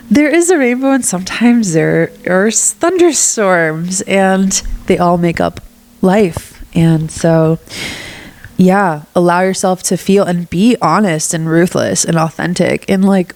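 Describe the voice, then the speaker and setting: A young woman with a slightly low voice and a stuffy nose, hosting her own podcast in a loose, candid monologue. She swears casually and jumps into little acted-out lines of what she'd say to people. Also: darkish tone. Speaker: podcast host.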